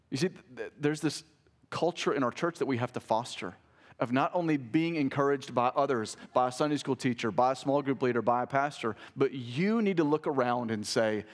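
A pastor preaching a sermon to his church, building to emphatic, rising peaks and then dropping to quiet intensity. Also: medium pitch. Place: church sanctuary.

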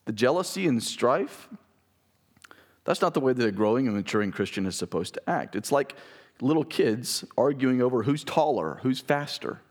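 Man, thirties, pastor, conversational sermon, emphatic, joking asides, mid-pitched voice. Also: expressive, normal speed.

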